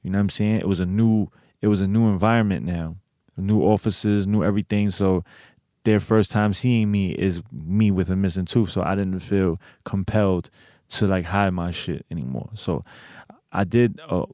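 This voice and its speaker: Speaking at a moderate pace with a low, warm voice and fairly even intonation, this interview guest from the United States recounts something personal on a dry recording. He curses constantly, sounds streetwise, and leans heavily on filler phrases.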